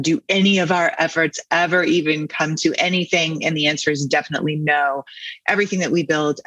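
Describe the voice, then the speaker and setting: A man's voice: on the high side, a bit bright, no echo, low-quality recording. A man hosting a poetry podcast, explaining a poem in a thoughtful, musing way and then reading it aloud. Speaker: podcast host.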